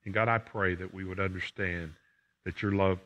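A man's voice: sits low, steady tone, moderate pace, fairly bright tone. An older man, a pastor preaching a sermon and then praying, emphatic and repeating phrases for emphasis. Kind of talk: sermon and closing prayer. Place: church sanctuary.

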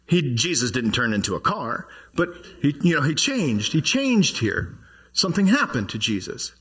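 A man's voice: mid-range voice, very animated, normal speed, a bit bright, slightly rough. A man preaching a sermon as pastor, talking conversationally and asking the congregation questions. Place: church.

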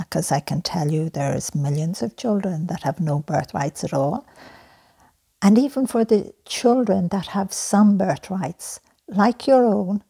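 Slow, gravelly, soft-spoken woman making an earnest appeal. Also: lowish voice. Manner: soft-spoken, earnest, drifting into breathy whispers. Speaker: charity founder making an appeal.

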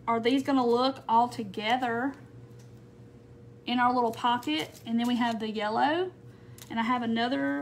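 A woman's voice: a little high, a little hiss or hum. Chatty Southern woman crafting on a live stream. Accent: Southern American. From not from North Mississippi. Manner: chatty, reads out viewer comments. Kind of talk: casual craft tutorial chat. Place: home craft table.

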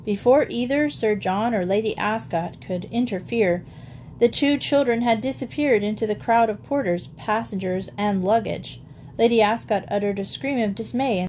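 A woman narrating an old-fashioned children's story in a gentle, even storytelling manner. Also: medium pitch, moderate pace, a little hiss or hum. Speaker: audiobook narrator.

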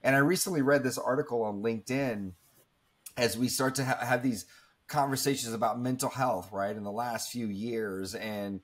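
A man's voice: medium pitch, steady tone, moderate pace, breathy edge. A man in his thirties, telling a personal story in an interview in an earnest, reflective way, with many fillers and restarts. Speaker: guest speaker.

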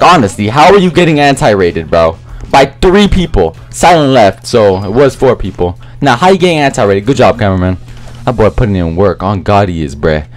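A young man giving loud, slangy live commentary over his own gameplay, trash-talking other players and often shouting. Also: medium pitch. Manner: slangy, repeats lines and ends them with "bruh". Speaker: gaming YouTuber.

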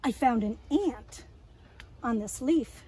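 A woman leading an outdoor lesson for young children, talking gently in a sing-song way, as if to friends. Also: on the high side, lively intonation, takes it slowly, husky. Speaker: early years educator. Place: outdoors in a yard and woods.

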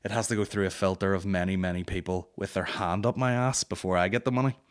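A man's voice: low voice, steady tone, fast talker. A man hosting a comedy podcast, telling a heated, sweary story in an exasperated rant. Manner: sweary, heated and exasperated, with frequent "you know what I mean".

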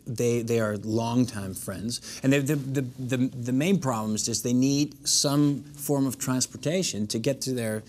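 A man's voice: medium pitch, measured pace, hardly any pauses, darkish tone. A man in his thirties from the Netherlands, speaking with a coached general American accent, answering interview questions thoughtfully with many restarts. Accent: general American, trained. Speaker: actor guest. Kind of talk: interview conversation.

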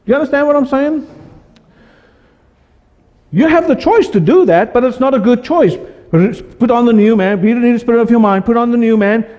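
Male pastor, high voice, preaching with call-and-response questions, long church reverb. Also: brisk, pauses often, a little mellow, muffled recording. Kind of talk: sermon.

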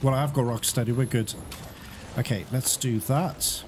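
A young man giving live gameplay commentary as a channel host, excitable, swearing and groaning at the game. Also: medium pitch, normal speed, background noise. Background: game music.

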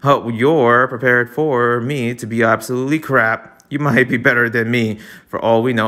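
A man reading a webcomic aloud, breaking in with excitable, laughing asides. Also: mid-range voice, normal speed, few pauses. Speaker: reader of a webcomic.

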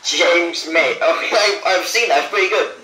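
A man's voice: fairly high pitch, moderate pace, pushed and bright, faint music behind. A man trading teasing jokes on a home cooking show, often stumbling and restarting. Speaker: co-host of an online cooking show. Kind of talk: joking banter. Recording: roomy, distant, noisy.

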